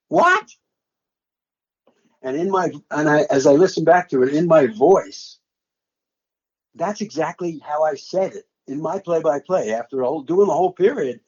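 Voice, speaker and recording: An older man recounting a game he once called, his voice rising and falling widely as he acts out his old play-by-play. His tone is somewhat husky and a little high, and the recording sounds dull and lo-fi. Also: a little mellow. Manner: dramatic, re-enacts his own play-by-play calls. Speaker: sportscaster recalling a game he called. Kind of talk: animated storytelling interview.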